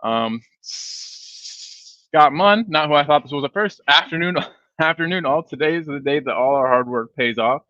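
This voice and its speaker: A man's voice: on the high side, lively intonation, measured pace, pushed and bright, no room sound. A sleepy man hosting a fan live stream, rambling casually and reading viewer comments aloud. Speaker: fan channel host. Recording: dull, dry stream audio.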